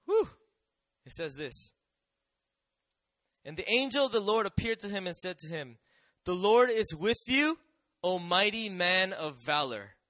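A man preaching a sermon, swinging between emphatic declarations and quiet, conversational asides to his congregation. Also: sits high, big pitch swings, unhurried, dry recording. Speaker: pastor.

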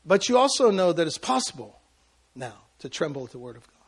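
Male pastor, sermon delivery, raspy and husky, emotional storyteller. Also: on the high side, big pitch swings, brisk. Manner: emotional storytelling with sudden loud bursts and quiet asides.

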